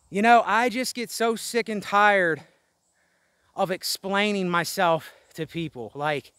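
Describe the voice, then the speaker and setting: Outdoors in the wind above a road, a vlogger gives a rambling, candid venting monologue, sounding weary, frustrated and breathless. His high-pitched voice is pushed and bright with a clean tone, and the recording is dry.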